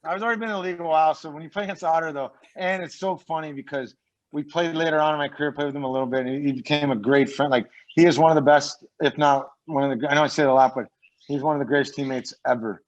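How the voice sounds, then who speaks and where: A man's voice: fairly high pitch, rapid-fire. A man, a former pro hockey player, telling loose, rambling stories as a podcast guest, swearing freely and acting out what others said. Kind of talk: casual podcast storytelling. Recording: dull lo-fi sound.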